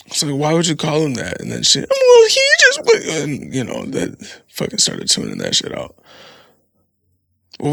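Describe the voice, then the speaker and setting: A man's voice: medium pitch, vocal fry, a bit bright, dry recording, clean studio sound. A man hosting a podcast, talking in a casual, rambling monologue full of profanity. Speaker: podcast host.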